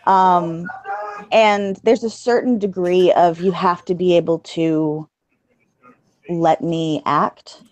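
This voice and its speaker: A woman with a fairly low voice talks casually about her narration work as an interview guest. She is chatty and laughs easily, often poking fun at herself. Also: steady tone, takes it slowly, a little mellow, no room sound.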